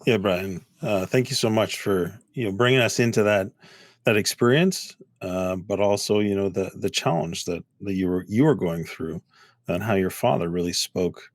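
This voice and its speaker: A low-pitched man hosts a podcast and thanks his guest. He speaks haltingly, with fillers, in a dry recording with no room sound. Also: no room sound. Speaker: podcast host. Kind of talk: casual podcast interview.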